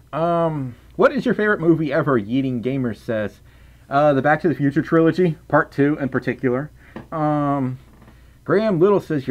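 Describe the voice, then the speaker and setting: A young man chatting casually on a livestream, reading out chat and donations with playful stammers and restarts. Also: fairly high pitch.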